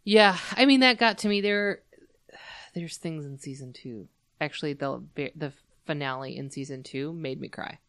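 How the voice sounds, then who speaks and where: A young woman with a notably low, smooth voice chats easily on a podcast, dropping in steady "yeah"s of agreement. The sound is dry and close to the mic. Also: moderate pace, no echo. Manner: relaxed, frequent "yeah" backchannels. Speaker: podcast co-host. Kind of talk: casual chat.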